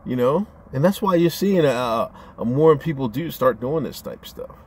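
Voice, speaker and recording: A man with a husky voice rants straight to his audience, swearing freely and tripping over restarts. His pitch jumps around a lot as he talks. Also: normal speed. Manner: animated, profane, rambling with stammered restarts. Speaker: vlogger. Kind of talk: casual rant to camera.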